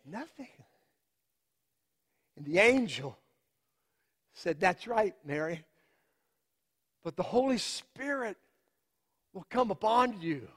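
Guy doing mary's earnest middle-aged dad, real high voice, slow and halting, big hall echo. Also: expressive, fairly bright tone, slightly rough, exaggerated voice. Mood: awed storytelling. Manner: slow, emphatic, with halting repeats and long pauses. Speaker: storyteller in a biblical monologue. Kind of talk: dramatic first-person monologue.

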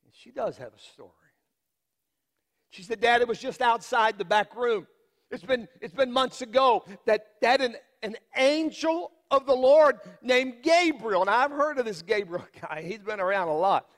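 Guy doing mary's earnest middle-aged dad, real high voice, slow and halting, big hall echo. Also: lively intonation. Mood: awed storytelling. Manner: slow, emphatic, with halting repeats and long pauses. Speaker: storyteller in a biblical monologue. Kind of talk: dramatic first-person monologue.

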